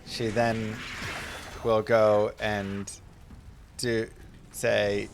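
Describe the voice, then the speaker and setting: A man's voice: lowish voice, little pitch movement, unhurried, a little hiss or hum. A man chatting casually on a live stream while playing a game, telling stories and reading chat between play. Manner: chatty, anecdotal, reads chat aloud.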